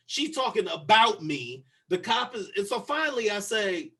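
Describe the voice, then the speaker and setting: A man co-hosting a podcast, telling a story in casual chat, profane and animated as he acts out the other people's lines. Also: high-pitched, normal speed, hardly any pauses, husky. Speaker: podcast co-host.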